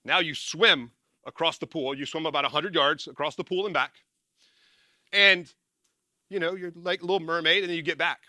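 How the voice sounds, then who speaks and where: A man giving a casual motivational talk to an audience, energetic and rambling, often correcting himself and laughing at his own slips. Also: fairly high pitch, moderate pace, long pauses, dry recording, clean studio sound. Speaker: former military speaker and success coach.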